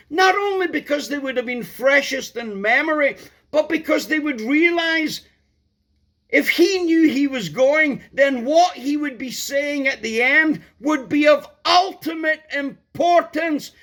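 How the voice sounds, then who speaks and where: A man's voice: extremely high pitch, pushed and bright. A man preaching a sermon, emphatic and repeating key words for stress.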